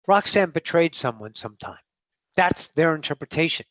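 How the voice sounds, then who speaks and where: A woman's voice: fairly low pitch, animated, moderate pace, no echo, highs cut off. A woman channeling a spiritual teaching in a blunt, emphatic way, full of swearing, who addresses her listeners as masters. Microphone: video call.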